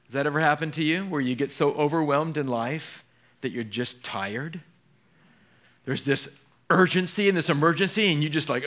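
A male pastor preaching a sermon in an animated way, moving between hushed and emphatic and putting questions straight to his congregation. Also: fairly high pitch, moderate pace.

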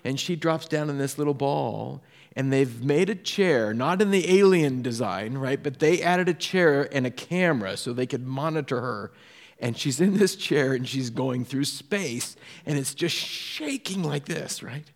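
A man from Southern California preaches a sermon in a lively storytelling way, sinking to a quiet hush on key points. His voice sits at a middle pitch. It rings with the long reverb of a large hall. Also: a little slow. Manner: storytelling, drops to a soft hush for emphasis. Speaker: pastor.

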